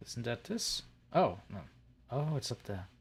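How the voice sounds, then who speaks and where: A man's voice: medium pitch, big pitch swings, measured pace, breathy edge. A man hosting a let's play, joking and sarcastic as he talks to the creatures in the game. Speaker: gaming channel host.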